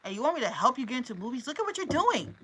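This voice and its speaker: A woman's voice: high voice, very animated, very fast, a bit bright, slight background noise, voice pushed up, poor audio. A woman reading aloud as an exasperated king, scolding and incredulous.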